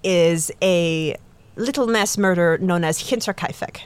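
A woman's voice: fairly low pitch, a little slow, clear, resonant tone. A woman hosting a true-crime podcast in casual chat, giggly and self-deprecating, rambling with many restarts. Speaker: podcast host.

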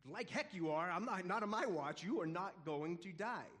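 A man voicing a brash, eager male disciple with boastful, excited talk. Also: high-pitched, normal speed. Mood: defiant.

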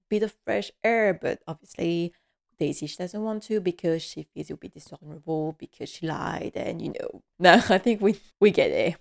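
A woman chats through a casual episode recap, laughing often and leaning on fillers as she talks. Her pitch sits in a middle range. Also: darkish tone.

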